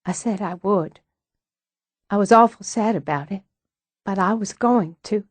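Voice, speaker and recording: A woman voicing a fragile, ashamed young woman in an audiobook, with a halting, emotional delivery. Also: medium pitch, no room sound, close to an everyday voice. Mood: distraught. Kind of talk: audiobook dialogue.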